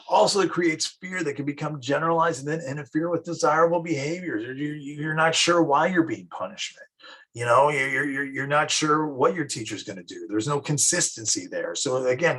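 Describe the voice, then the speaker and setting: A male teacher lectures casually on psychology, and his voice is husky with a breathy grain. He talks in a loose, anecdotal way, slipping into quick acted-out examples. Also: mid-range voice, bright, forceful tone, rough recording. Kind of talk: classroom lecture.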